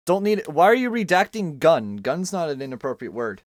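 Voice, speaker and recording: A man's voice: on the high side, sing-song, normal speed, no room sound, clean studio sound. A young man streaming from home, chatting casually and rambling while he draws, joking and poking fun at himself. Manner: rambling, joking, self-mocking. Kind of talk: casual chat while drawing.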